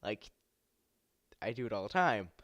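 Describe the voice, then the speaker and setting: A young man telling a long gaming story in a casual vlog, rambling and saying "like" a lot, his pitch climbing when he replays his own anger. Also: sing-song, measured pace, fairly bright tone, no echo. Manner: rambling, heavy use of "like" and "I was like". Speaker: YouTuber and game server moderator.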